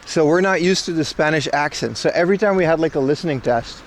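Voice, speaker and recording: A man's voice: fairly high pitch, brisk, slight background noise. A man in his thirties from the Caribbean, chatting with his viewers as he walks outdoors during a casual livestream. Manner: chatty, rambling, joking with chat. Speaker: IRL livestreamer. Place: outdoors walking through streets. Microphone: camera rig carried while walking.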